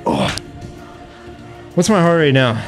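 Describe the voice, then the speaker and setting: A man's voice: medium pitch, normal speed. A young man streaming a game live, chatting with viewers, laughing, venting frustration and swearing. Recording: faint music behind.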